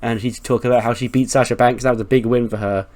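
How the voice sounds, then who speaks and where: A man's voice: mid-range voice, steady tone, quick pace, darkish tone. A man hosting a let's-play, narrating a wrestling management game in casual, profane, joking commentary.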